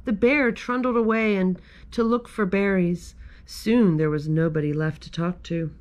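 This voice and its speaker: A woman who is a children's librarian, reading a picture book aloud at storytime in a gentle, expressive way. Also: mid-range voice, a little slow.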